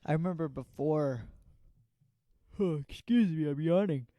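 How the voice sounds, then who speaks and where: A man's voice: fairly high pitch, a little slow, no echo, lo-fi sound. A man in his twenties co-hosting a podcast, chatting in a laid-back way. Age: 20s. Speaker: podcast co-host. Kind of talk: casual chat.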